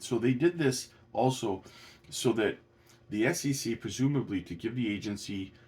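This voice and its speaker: A man talks through documents in a casual commentary. His voice sits low, but he rises sharply when something strikes him as outrageous. He is indignant and halting, full of restarts and fillers. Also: slight background noise. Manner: indignant, rising to incredulous peaks. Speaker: crypto commentator.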